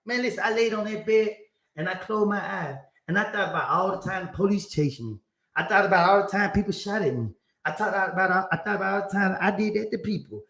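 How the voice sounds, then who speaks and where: High-voiced man preaching his own story. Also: fast talker, vocal fry, fairly bright tone, echoey room. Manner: preachy, emphatic, retelling talks with God. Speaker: commentator in a played clip. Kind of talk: storytelling monologue.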